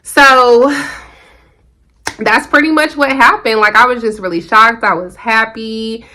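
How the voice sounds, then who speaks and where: A woman's voice: fairly high pitch, a little slow, sharp tone. A woman vlogger chatting casually to camera, retelling a personal story with lots of fillers.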